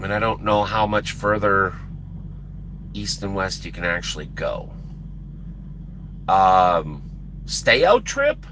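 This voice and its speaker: A man's voice: deep voice, sing-song, slow, pauses often, bright, forceful tone, a little hiss or hum. A man, a truck driver chatting casually with his livestream viewers, rambling and repeating words for emphasis. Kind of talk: casual chat with stream viewers.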